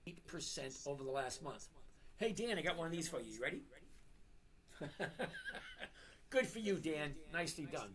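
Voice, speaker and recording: Middle-aged guy hosting a trading stream, blunt and pushy, says stuff twice and slows way down to hammer it in. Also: fairly high pitch, sing-song, a crowd in the background. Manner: blunt, emphatic, repeats points slowly. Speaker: trading live-stream host. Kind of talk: live-stream chat and lecture.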